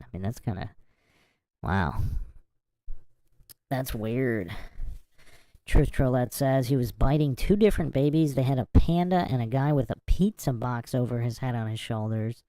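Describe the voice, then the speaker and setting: A woman's voice: extremely low pitch, animated, normal speed, dark tone, dry recording. A woman hosting a podcast, reading passages aloud and breaking off to react with incredulous asides. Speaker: podcast host. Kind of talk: casual commentary and reading aloud.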